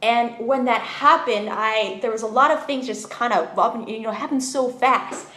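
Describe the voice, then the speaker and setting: Animated woman telling her story, roomy echo. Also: fairly high pitch, measured pace. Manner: animated, emphatic, many fillers like "you know what I mean". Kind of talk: personal testimony, casual storytelling.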